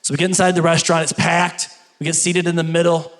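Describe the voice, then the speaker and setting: Casting: a middle-aged stand-up comedian, a man from Kentucky, higher-pitched storyteller. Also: fast talker. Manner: storytelling, animated punchlines. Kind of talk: stand-up routine, then interview. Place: stage before a live audience.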